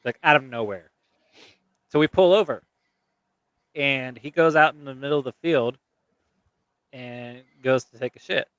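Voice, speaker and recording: A man's voice: mid-range voice, a little slow, long pauses, fairly bright tone, smooth, no echo. A man hosting a podcast, telling a rambling, profane story in casual chat and laughing as he goes.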